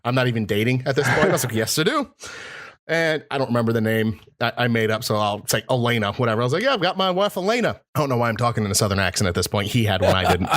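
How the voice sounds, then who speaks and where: A man's voice: medium pitch, rapid-fire, hardly any pauses, a bit bright. A young man from Michigan co-hosting a podcast, telling rambling anecdotes in casual chat with quoted dialogue and asides. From Michigan, USA. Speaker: podcast co-host.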